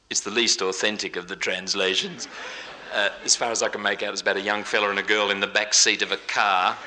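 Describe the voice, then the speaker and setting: A man's voice: low-pitched, fairly even intonation, quick pace. A man doing jokey live stage patter between songs, bantering with his band and the audience. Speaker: stage entertainer. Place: large live venue stage. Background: band music.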